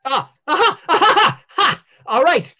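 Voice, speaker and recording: A game master voicing a paranoid, excitable male fortune teller who shouts accusations at everyone. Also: very high voice, takes it slowly, voice pushed up, full character voice. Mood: suspicious. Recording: dull lo-fi audio.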